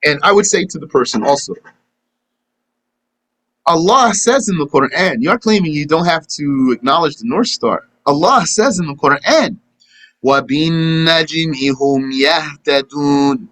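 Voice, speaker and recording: An Islamic teacher gives a live religious lesson and takes questions, speaking conversationally and acting out imagined exchanges. His voice runs on the high side, very animated and a bit bright, at a moderate pace. The recording quality is low.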